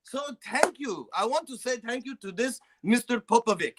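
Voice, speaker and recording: A man's voice: very high voice, lively intonation, normal speed, background noise, pitched above the performer's own voice. A man voicing a boastful Serbian man in broken English, with a put-on Serbian accent, sly and gleeful.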